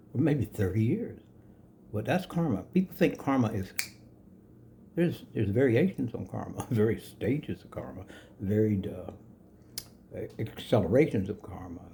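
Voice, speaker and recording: A man's voice: fairly low pitch, lively intonation, moderate pace, dark tone, a little hiss or hum. An older man giving a rambling, casual spoken lesson on yoga, chuckling often and correcting himself as he goes. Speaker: yoga teacher.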